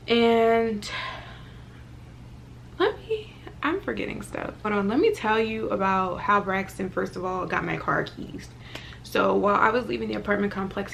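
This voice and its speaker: A young woman in her twenties tells a story to camera, chatty and animated, with plenty of fillers and a gravelly fry in her voice. A faint hiss of noise sits under the recording. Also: medium pitch. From Virginia, US. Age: 20s. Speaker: vlogger. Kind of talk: casual storytime.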